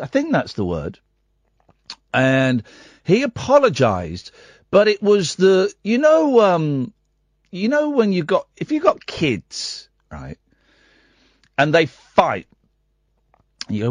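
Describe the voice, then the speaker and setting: A man's voice: high voice, wildly swooping pitch, unhurried, no echo, clean studio sound. A man hosting a comic phone-in radio show, rambling and teasing his callers with sarcasm.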